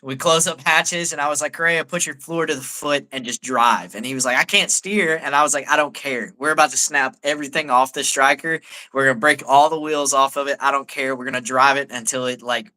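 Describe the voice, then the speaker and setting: A man's voice: mid-range voice, fairly even intonation, fairly quick, sharp tone. A man, an army staff sergeant, telling a story in a laid-back way as a guest on a live talk show, with lots of "like". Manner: laid-back, peppers speech with "like".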